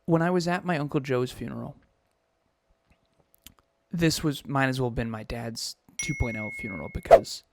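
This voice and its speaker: A man's voice: mid-range voice, normal speed, creaky, pauses often, slight background noise. A man in his thirties co-hosting a podcast, telling a personal story in an emotional, confessional way with frequent restarts. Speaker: podcast co-host.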